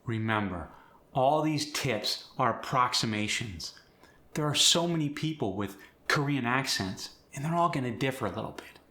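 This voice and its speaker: A man's voice: mid-range voice, sharp tone, roomy sound. A man coaching accents, explaining and demonstrating sounds by contrasting word pairs. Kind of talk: accent tutorial.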